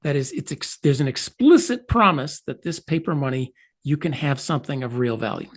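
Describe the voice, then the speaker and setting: Animated man explaining with emphatic asides. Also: mid-range voice, moderate pace. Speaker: economist guest. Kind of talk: explanatory interview talk.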